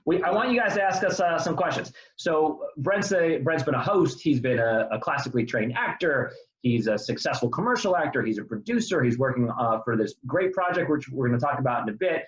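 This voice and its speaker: A man's voice: fairly high pitch, lively intonation, a little fast. A middle-aged man hosting a live stream, chatting casually over a video call and addressing viewers directly. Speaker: host, public speaking coach. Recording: roomy, dull lo-fi video call.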